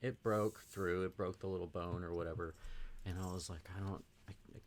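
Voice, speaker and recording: A man's voice: low-pitched, steady tone, fairly quick. A man from Texas, a podcast host, casually telling a rambling anecdote packed with "like" and acted-out quotes. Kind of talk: casual storytelling chat.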